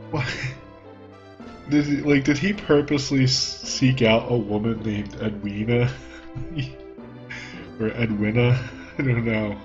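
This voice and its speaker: A man's voice: mid-range voice, fairly even intonation, slow pace, pauses often. A man joking his way through a video game playthrough in a wry, rambling way, recorded on a home desk mic with button clicks. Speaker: let's play host. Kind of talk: casual gameplay commentary. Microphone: desk mic at home, button clicks audible. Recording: dull lo-fi with game music.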